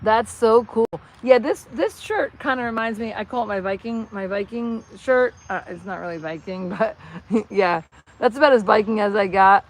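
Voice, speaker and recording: A middle-aged woman with a New Jersey accent, hosting a casual live stream and reacting excitedly to viewer comments. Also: medium pitch, moderate pace. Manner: chatty, excitable, reads viewer comments aloud. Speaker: channel host.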